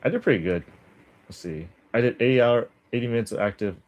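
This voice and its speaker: A man's voice: mid-range voice, quick pace, darkish tone, dull audio. A man livestreaming his language study, chatting casually with viewers, rambling and laughing often. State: just woke up.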